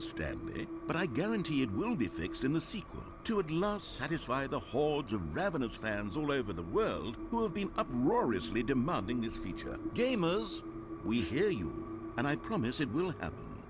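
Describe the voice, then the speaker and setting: An actor playing a grandly theatrical, wry male game narrator with a lofty, ironic delivery. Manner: lofty, ironic and wildly sweeping in pitch.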